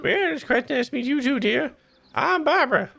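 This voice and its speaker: A man doing a sweet, creaky old woodland lady. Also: expressive, normal speed, pushed and bright, exaggerated voice. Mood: kindly. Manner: sweet, fussing, high quavering old-lady voice. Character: kindly, gentle old woman who keeps the woods.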